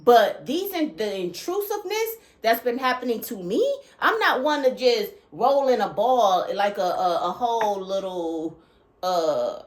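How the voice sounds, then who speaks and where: Emphatic woman in a roomy echo. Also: fairly low pitch. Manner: emphatic, keeps checking in with "okay?"; repeats phrases for emphasis. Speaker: channel host. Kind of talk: spiritual message monologue.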